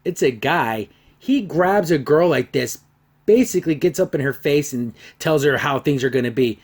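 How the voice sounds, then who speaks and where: A man hosting a podcast, reviewing a TV episode in casual talk, sarcastic and exasperated, with lively swings in pitch and loudness. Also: moderate pace. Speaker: podcast host reviewing a show.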